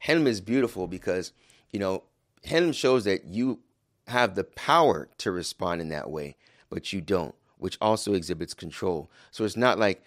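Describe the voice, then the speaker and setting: Man, deep voice, dry close sound, religious talk to husbands, measured and calm, acts out quotes. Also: no room sound. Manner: recites Arabic hadith quickly. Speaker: Muslim speaker advising husbands. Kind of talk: religious talk to a male audience.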